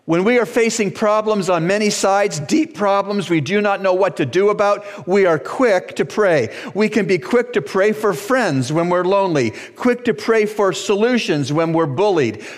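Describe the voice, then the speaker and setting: A Bahamian pastor preaching a sermon, slow and deliberate, with dramatic pauses and sudden raised cries. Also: male voice, high voice, expressive. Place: church sanctuary. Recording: long church reverb.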